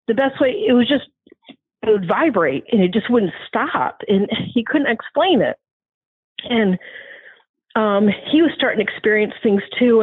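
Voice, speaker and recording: A guest shares her frightening ordeal as emotional testimony, her mid-range voice carrying a breathy edge with no echo. Earnest throughout, she restarts often and performs the voices of people she quotes. The audio sounds like a tinny phone line.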